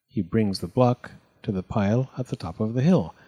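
A man reading a children's picture book aloud, gentle and deliberate. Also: lowish voice, slightly rough. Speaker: narrator.

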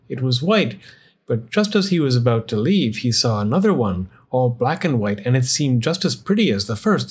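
Man, children's story read-aloud, animated intonation, husky tone. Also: medium pitch. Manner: expressive, lively storytelling.

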